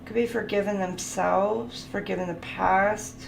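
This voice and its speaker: In a roomy recording with a little background noise, a tarot reader chats her way through a casual reading, laughing a lot and rattling off keywords for each card. Her voice sits in the mid-range, creaky and steady, and she speaks at a measured pace.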